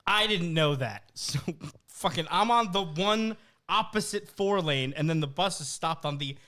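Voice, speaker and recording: A man's voice: a little high, lively intonation, moderate pace, sharp tone. A man from New Jersey, co-hosting a podcast and telling a story in casual, profanity-laced chat. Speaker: podcast co-host.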